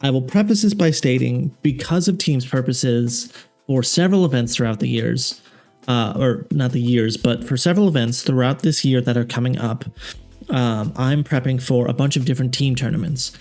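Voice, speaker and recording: A man's voice: mid-range voice, normal speed, darkish tone, soft background music. Rambling, opinionated man hosting game talk. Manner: rambling, self-correcting, filler-heavy; frank and opinionated. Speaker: tabletop game channel host. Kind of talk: casual game analysis commentary.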